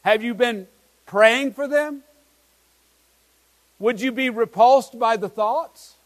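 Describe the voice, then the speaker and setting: High-voiced man preaching a sermon. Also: slow pace, rough recording. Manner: earnest, emphatic preaching with many rhetorical questions and restarts. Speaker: pastor.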